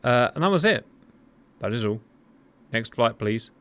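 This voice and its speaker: A man's voice: medium pitch, lively intonation, measured pace, fairly bright tone. A man hosting a flight sim debrief, joking and exclaiming playfully between updates. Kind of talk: animated gaming commentary.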